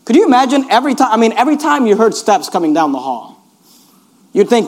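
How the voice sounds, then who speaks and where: A man's voice: extremely high pitch, big pitch swings, fast, a little mellow. A man preaching a sermon in an earnest, emphatic way, urging listeners again and again to notice each point.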